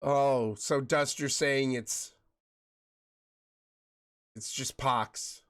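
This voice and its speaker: A man's voice: mid-range voice, steady tone, drawn-out words, clear, resonant tone. A man streaming a game, joking and greeting viewers by name, while getting over a chest cold that makes him cough. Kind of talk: casual chat with viewers while gaming.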